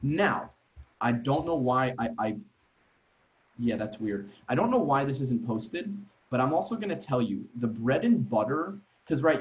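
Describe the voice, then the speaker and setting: In an online workshop, a man trains teachers, speaking conversationally and with emphasis while tacking quick questions for the group onto his sentences. His voice sits at a medium pitch, and the video-call recording is rough.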